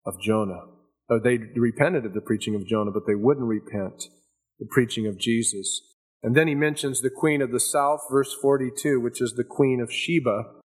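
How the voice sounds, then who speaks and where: A man's voice: medium pitch, breathy edge. A man preaching a sermon, telling a story with emphatic, dramatic delivery.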